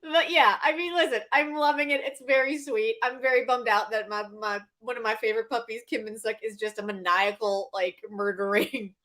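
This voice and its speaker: A woman co-hosting a casual chat show, animated and laughing as she acts out scenes. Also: fairly high pitch, brisk, few pauses. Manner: animated, laughing, acting out scenes with quoted voices. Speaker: podcast co-host.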